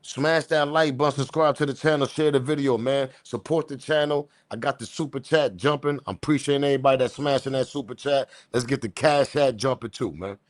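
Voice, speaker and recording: A man hosting a live stream, talking in a casual, rambling and slangy way, reacting to a video and shouting out viewers. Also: mid-range voice, a little fast, few pauses, dry recording. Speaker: host.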